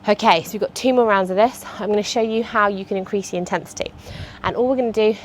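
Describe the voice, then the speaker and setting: A woman's voice: mid-range voice, quick pace. Lady in her 30s coaching a workout, chatty and encouraging, bit of faint noise behind. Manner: chatty and encouraging, cueing movements. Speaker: fitness instructor. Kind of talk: guided workout instruction.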